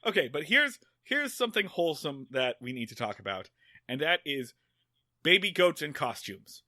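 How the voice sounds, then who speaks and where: A man with a bright, fairly high voice tells a long story on a podcast. He rambles, swears and keeps his delivery animated. The sound is close and dry. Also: moderate pace, no room sound. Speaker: podcast co-host. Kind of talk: casual chat.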